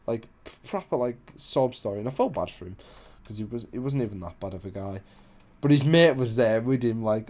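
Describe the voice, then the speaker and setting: A man's voice: mid-range voice, brisk, darkish tone. A young man casually telling a story, rambling, swearing a lot and losing his place.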